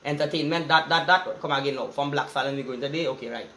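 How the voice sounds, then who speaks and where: A man's voice: a little high, fast talker, fairly bright tone, slight background noise. A man with a Trinidadian accent delivering an angry, profane street rant in heavy Creole dialect, cursing and making threats. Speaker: vlogger.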